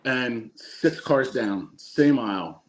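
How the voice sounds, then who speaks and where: A man with a mid-pitched voice tells stories in a loose podcast chat, chuckling and quoting the people in them. A faint hiss sits behind his voice. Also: animated, slow. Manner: laughs through his stories, quotes people. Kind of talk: casual chat, anecdote telling.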